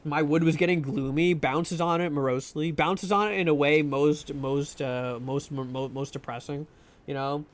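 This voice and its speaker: A man's voice: a little high, steady tone, moderate pace. A man streaming a game live from home at a desk mic, chatting casually with viewers, joking and laughing a lot. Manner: joking, self-deprecating, laughs often. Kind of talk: casual live-stream chat while gaming. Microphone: desk microphone.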